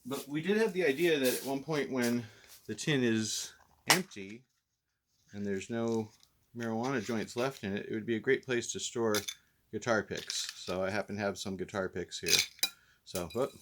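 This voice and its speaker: A man's voice: medium pitch, normal speed, very noisy. A man hosting a casual vlog review who talks in a rambling, laid-back, self-deprecating way while mildly stoned. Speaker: host and reviewer.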